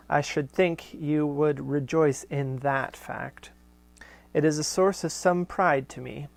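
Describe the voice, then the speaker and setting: Gravelly man reading old letters aloud. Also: on the high side. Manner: measured reading with casual off-the-cuff asides. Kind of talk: live show, reading letters aloud with asides.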